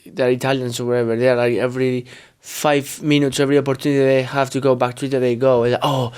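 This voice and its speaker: A man's voice: medium pitch, little pitch movement, fast, darkish tone, clear, resonant tone. A young man with a Spanish accent, Spanish his first language, co-hosting a casual podcast chat and often hunting for words with restarts. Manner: searches for words, many restarts and fillers. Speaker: podcast co-host.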